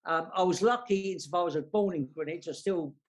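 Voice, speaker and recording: A man's voice: sits high, fast. A man in his sixties with a London accent, a guest chatting casually on a panel over a video call, self-deprecating and full of restarts. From South London. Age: 60s.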